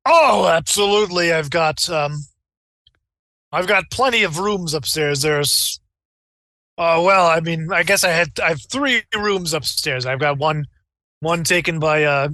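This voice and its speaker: Male game master, bright tone, dry close sound, talks in loose restarts. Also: fairly high pitch, measured pace, no echo. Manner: rambling, with many restarts. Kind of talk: narrating a tabletop game.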